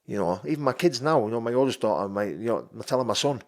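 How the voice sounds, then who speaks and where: A man in his thirties with a Geordie accent, talking as a podcast guest. He speaks bluntly and swears freely. He drops to a low, quiet voice at times, then pushes out loud and emphatic. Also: expressive, quick pace. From North East England. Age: 30s. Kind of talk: casual podcast chat.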